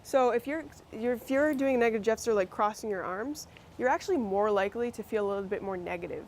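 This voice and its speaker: A woman's voice: a little high, expressive, fast talker, a little mellow, a little hiss or hum. A woman with a Massachusetts accent presenting a workshop, talking conversationally with fillers and restarts. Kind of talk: instructional workshop talk.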